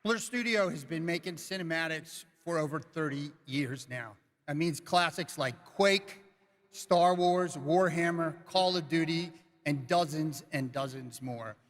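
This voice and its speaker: A film director presenting a new series on stage, emotional and excited. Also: male voice, a little high, measured pace. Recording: echoey broadcast stage.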